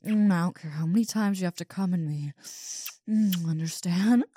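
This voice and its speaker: A woman's voice: on the low side, unhurried, warm tone, no echo, studio quality. A woman voicing a big, muscular wolf monster girl who stammers, swears and talks bluntly in an audio role-play. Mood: lustful.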